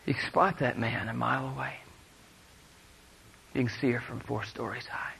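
A man preaching a sermon to a congregation, moving between hushed storytelling and loud, fervent exhortation. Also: medium pitch, fairly even intonation, moderate pace, vocal fry, husky, rough recording.

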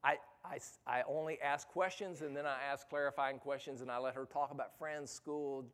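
A man's voice: medium pitch, fairly even intonation, normal speed, fairly bright tone. A middle-aged man telling a personal story in a sermon to youth ministry leaders, earnest, often restarting words and building to emphatic urgency.

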